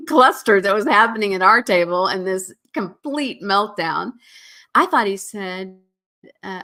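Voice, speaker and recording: Emotional woman podcast host telling a story. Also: medium pitch. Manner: emotional, earnest, laughing through hard moments; animated, shifts into soothing parent voice when quoting herself. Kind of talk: personal storytelling monologue.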